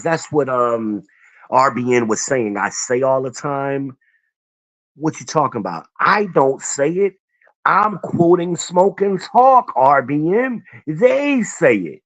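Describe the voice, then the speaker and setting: His voice a little high and somewhat bright, this man hosts a casual stream on his channel. He goes on a blunt, profane rant full of rambling tangents.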